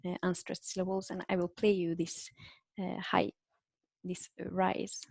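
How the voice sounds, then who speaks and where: A woman's voice: on the low side, little pitch movement, a little slow, gravelly, darkish tone, no echo. Hesitant woman lecturing over a call. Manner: hesitant, many fillers and restarts. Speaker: invited linguistics speaker. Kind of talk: academic talk over video call. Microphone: computer microphone on a video call.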